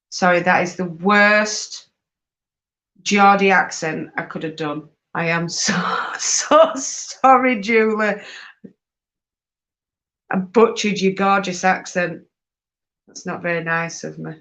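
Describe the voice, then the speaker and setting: A woman's voice: mid-range voice, takes it slowly, pauses often, a bit bright. A woman chatting casually on a live stream, reading out and answering viewers' questions. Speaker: fibre craft live-streamer.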